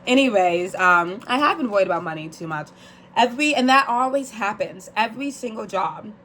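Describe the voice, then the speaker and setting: A woman's voice: mid-range voice, animated, a little fast, fairly bright tone, slight background noise. A woman in her twenties talking candidly and rambling a little, swearing casually as she chats to her viewers like a friend on the phone. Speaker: vlogger. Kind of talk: casual chat to camera, as if on the phone.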